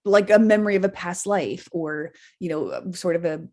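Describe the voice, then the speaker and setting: A woman's voice: on the low side, normal speed. Woman telling a dream, laughing often. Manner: animated storytelling, laughs often, swears freely. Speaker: podcast co-host. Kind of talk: casual chat, recounting a dream.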